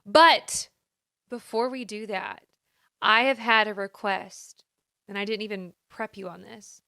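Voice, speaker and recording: A woman's voice: mid-range voice, fairly even intonation, unhurried, vocal fry, bright, forceful tone, dry recording, clean studio sound. A woman co-hosting a podcast in casual chat, talking in a chatty, sing-songy way from a spare room at home. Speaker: podcast co-host.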